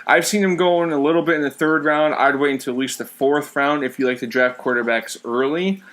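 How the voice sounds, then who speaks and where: A man co-hosting a podcast in casual chat, relaxed and stumbling through fillers. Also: on the high side, a little fast. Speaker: podcast co-host.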